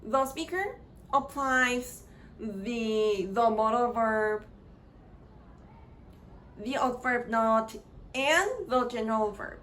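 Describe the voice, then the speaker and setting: A woman explaining grammar in a slow, halting lecture, often repeating words as she searches for phrasing. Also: a little high, fairly bright tone, a little hiss or hum, rough recording.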